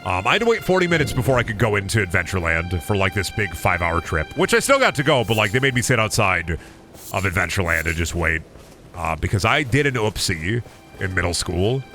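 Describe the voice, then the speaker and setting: A man's voice: sits low, very animated, fairly quick, pushed and bright, soft background music. A young man streaming a game, chatting casually and profanely, rambling and singing silly chants to himself. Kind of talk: casual gaming stream chat.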